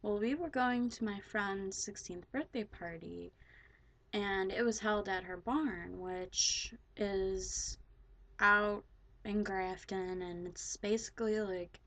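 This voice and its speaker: A woman's voice: mid-range voice, takes it slowly, fairly bright tone. A teenage girl casually telling a story to the camera, rambling with lots of "like" and swearing freely. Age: teens. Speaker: vlogger.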